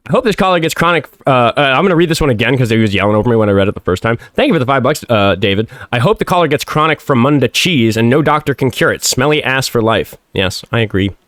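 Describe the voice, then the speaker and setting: A man from Minnesota hosting a livestream talk show, swearing a lot, yelling at a caller and then mumbling through donation messages, his voice hoarse from shouting. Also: big pitch swings, quick pace, no room sound, studio quality. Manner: profane, combative yelling then low mumbling. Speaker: show host.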